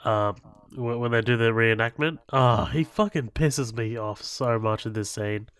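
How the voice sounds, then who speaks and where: A man's voice: mid-range voice, a little slow, fairly bright tone, smooth, dry recording. A man co-hosting a casual movie podcast, laid-back and swearing often. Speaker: podcast co-host.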